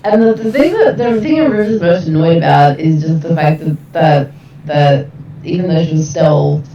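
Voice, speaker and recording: A woman's voice: low voice, normal speed, slight background noise. A woman playing a tabletop game casually, laughing and restarting her sentences. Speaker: player. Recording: echoey dull recording.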